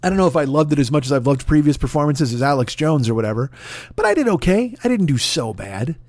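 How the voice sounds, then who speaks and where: This forties-aged podcast host talks fast and very animatedly in a slightly high, somewhat mellow voice, with no echo on the audio. He rambles through a casual comedic plug for his show, swearing and boasting in a mocking way.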